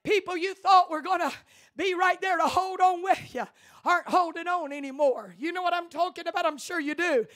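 A woman pastor, preaching a sermon in church with impassioned, rising delivery that builds to shouts. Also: extremely high pitch, fairly quick.

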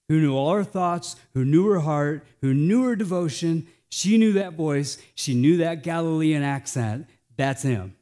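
American man preaching with swinging intensity. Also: fairly high pitch. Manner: dynamic preaching, swinging between hushed and emphatic. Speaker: pastor. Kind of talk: sermon.

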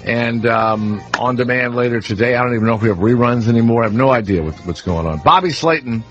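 A middle-aged man with a Southern American accent, hosting talk radio in a blunt, profane, rambling way. His voice sits at an ordinary pitch. The broadcast sound is a little dull and muffled, with faint music underneath. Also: quick pace, a bit bright. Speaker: radio show host. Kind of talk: casual talk radio chat.

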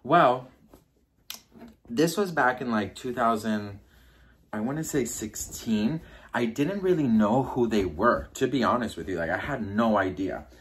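A man's voice: animated, measured pace. A man chatting casually as he tells a gossipy storytime, full of fillers and asides. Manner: breaks into high-pitched impressions when quoting people. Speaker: YouTuber.

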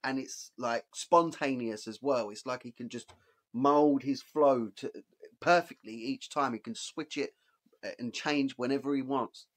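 An ordinary mid-range male voice hosts a music reaction, talking casually and excitedly. He swears freely and breaks in to point out the moments he likes. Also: medium pitch, a little slow.

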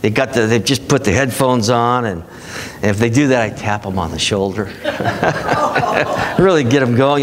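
A man's voice: a little high, slight background noise. A man preaching a sermon as pastor, talking in a conversational way and acting out the voices of people he quotes.

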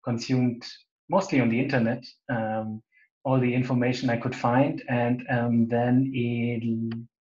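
A man with a German accent, talking in a casual interview over a video call, hesitant with many restarts and soft laughs. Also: medium pitch, level tone, unhurried. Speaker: interview guest. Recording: echoey, dull lo-fi call audio.

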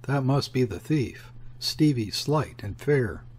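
A man reading the lines of a guarded, anxious shopkeeper's wife, with calm, quiet replies in his own husky voice. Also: medium pitch, takes it slowly.

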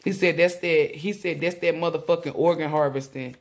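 A woman tarot reader talking casually to viewers, rambling and excitable, often exclaiming and relaying messages in blunt slang with swearing. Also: low-pitched, brisk, hardly any pauses. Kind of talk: casual spiritual reading to viewers.

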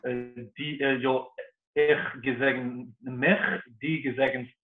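A man's voice: medium pitch, little pitch movement, slow. Hesitant man on a tinny, echoey call. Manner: hesitant, many fillers. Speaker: webinar participant. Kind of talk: question from a participant.

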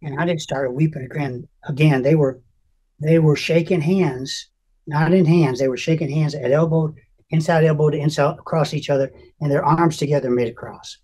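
A man's voice: a little high, steady tone, moderate pace, dark tone. An older man, a guest in an interview, earnestly telling a personal faith testimony and acting out the lines he quotes. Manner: emotional, earnest storyteller who acts out quotes.

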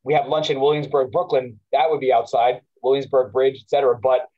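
A man casually reminiscing on a video call, talking in a halting way with frequent restarts. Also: mid-range voice, little pitch movement, highs cut off. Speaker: alumni walk organizer at a school memorial.

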